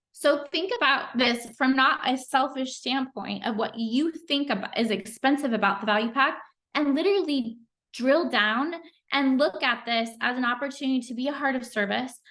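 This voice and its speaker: A woman's voice: sits high, moderate pace, pushed and bright. A middle-aged woman giving a motivational talk on a team call, earnest and chatty, with plenty of "like" and "um" fillers. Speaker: team leader speaking on a sales call.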